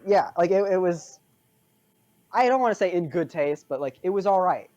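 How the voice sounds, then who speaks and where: Animated podcast co-host, rambling and laugh-prone, voice swinging up and down a lot. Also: mid-range voice, moderate pace, lo-fi sound. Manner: rambling, heavy on filler words, laughs often. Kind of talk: casual chat.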